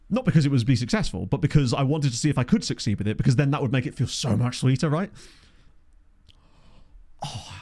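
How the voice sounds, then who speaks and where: A man's voice: mid-range voice, a little mellow. A man casually commentating his football management game on stream, chatting with viewers and laughing often. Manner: chatty, reads chat aloud, laughs often.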